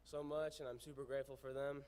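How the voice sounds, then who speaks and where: A man's voice: mid-range voice, level tone, fast, a little mellow, slight background noise. A teenage boy, a student athlete, giving an emotional, grateful thank-you speech. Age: teens.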